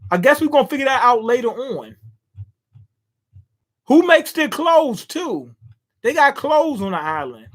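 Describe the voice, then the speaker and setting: A man reading a comic aloud and commenting casually, with quick asides on the panels. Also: very high-pitched, very animated, a bit bright. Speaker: manga reader and commentator. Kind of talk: casual read-through with commentary.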